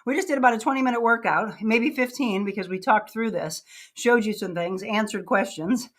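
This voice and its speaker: A woman's voice: fairly high pitch, brisk. A woman hosting a live-streamed workout show, chatting with viewers and coaching exercises in an upbeat, chatty way. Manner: chatty, upbeat, laughs often, counts reps aloud. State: out of breath. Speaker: fitness show host.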